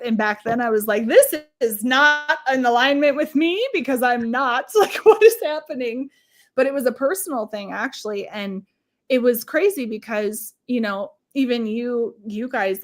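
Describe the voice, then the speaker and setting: Candid, swearing woman telling her story. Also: mid-range voice. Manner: candid, profane, quotes her own past thoughts. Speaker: psychic medium and manifestation coach, podcast guest. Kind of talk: casual storytelling in a chat.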